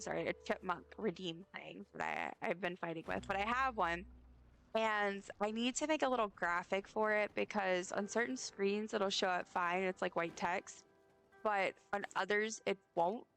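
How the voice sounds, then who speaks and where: A woman's voice: medium pitch, normal speed, creaky, fairly bright tone, smooth, soft background music. A young woman streaming a game, chatting to her viewers in a rambling, friendly way as she plays. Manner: rambling, chatty, talks straight to her chat. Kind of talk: casual live-stream chat while playing.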